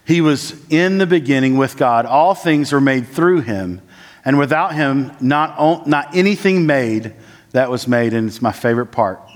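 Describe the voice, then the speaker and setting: A man preaching a sermon with frequent "uh" and "like" fillers, who moves between raised, urgent lines and low, slow, quiet ones. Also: lively intonation. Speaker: church planting resident preaching. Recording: long church-hall reverb.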